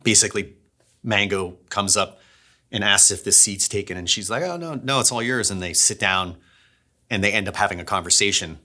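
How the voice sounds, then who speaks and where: A man with a slightly low yet bright, forceful voice talks casually about making an audio drama. He tells his stories chattily and sometimes trips over and restarts his words. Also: moderate pace. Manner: chatty, storytelling, restarts phrases when excited. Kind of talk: behind-the-scenes casual talk.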